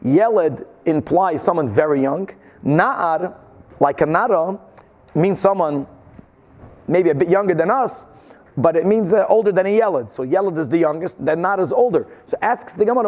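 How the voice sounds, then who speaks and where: A man teaching a Talmud class, explaining the Gemara with animated rhetorical questions and Hebrew and Yiddish terms. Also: high voice, normal speed. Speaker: Torah teacher.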